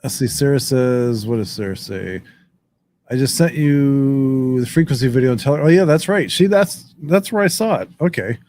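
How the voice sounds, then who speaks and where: A man's voice: medium pitch, lively intonation, normal speed, darkish tone, slight background noise. A man hosting a casual chat show, laid-back and joking, reading viewer comments. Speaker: podcast host.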